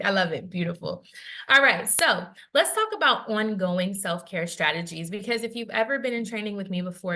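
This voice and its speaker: A woman's voice: medium pitch, pushed and bright. Woman, wellness workshop presenter, conversational, checks in often, acts out quotes. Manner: acts out quoted inner voices. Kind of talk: interactive workshop talk.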